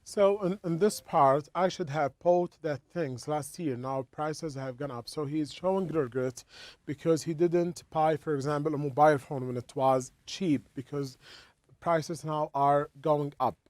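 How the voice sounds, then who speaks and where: A man teaching an English lesson, explaining slowly and repeating words as he goes. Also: fairly high pitch, a little mellow, no echo.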